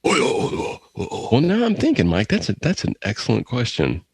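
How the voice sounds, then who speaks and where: A man co-hosting a comedy podcast, chiming in with quick teasing remarks. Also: mid-range voice, huge pitch swings, creaky, breathy edge, no echo, clean studio sound. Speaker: podcast co-host. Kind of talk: comedic banter.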